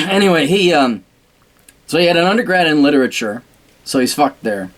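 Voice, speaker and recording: A man's voice: a little high, expressive, moderate pace. Blunt, profane ranting man. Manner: frequent throat clearing. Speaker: commentator. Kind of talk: casual ranting monologue.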